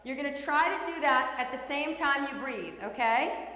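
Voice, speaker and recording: A woman's voice: high voice, normal speed, pushed and bright. A woman yoga instructor guiding a children's class with encouraging, playful cues. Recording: echoey room with long reverb.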